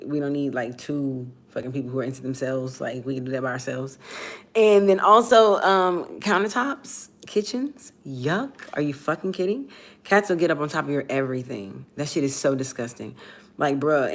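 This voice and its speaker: A woman of about forty from Texas, talking to camera in a loose, profane, playful ramble as podcast host. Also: deep voice. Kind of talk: casual monologue to camera.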